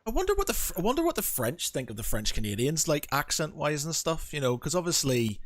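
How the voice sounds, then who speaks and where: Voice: medium pitch, big pitch swings, fast, dry recording. A podcast co-host chatting casually, asking curious questions and laughing easily. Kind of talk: casual chat.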